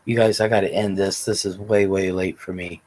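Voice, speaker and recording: Guy with a low raspy voice doing a chill livestream, rambling, cussing, chatting w viewers. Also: little pitch movement, fairly quick, a little mellow, low-quality recording. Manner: rambling, profane storytelling. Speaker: livestream host. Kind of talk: casual livestream chat.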